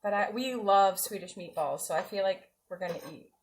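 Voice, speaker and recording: A woman's voice: mid-range voice, fairly quick. A woman chatting casually with her viewers while she cooks on a livestream, giggling now and then. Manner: chatty, giggly, talks to chat while cooking. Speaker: livestreamer cooking. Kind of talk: casual cooking livestream chat.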